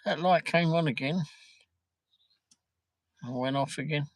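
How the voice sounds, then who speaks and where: A man's voice: a little high, a little slow, dry recording, rough recording. A man hosting a casual livestream from home, chatting and joking as he answers viewer comments. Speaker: livestream host. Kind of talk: casual live-stream chat.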